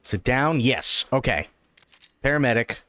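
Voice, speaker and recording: A man streaming a game live, telling a joke in a quick, animated way. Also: medium pitch.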